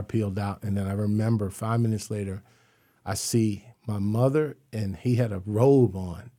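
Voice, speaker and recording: A man's voice: on the low side, dark tone. A middle-aged man, a guest in an interview, telling his own life story earnestly and often saying "you know.". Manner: acts out remembered voices.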